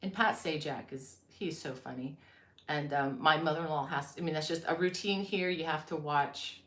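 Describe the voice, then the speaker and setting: A woman's voice: sits low, normal speed, fairly bright tone, roomy sound. A woman from Florida hosting a crochet live stream, chatting casually, reading viewer comments aloud and laughing easily. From Florida, USA.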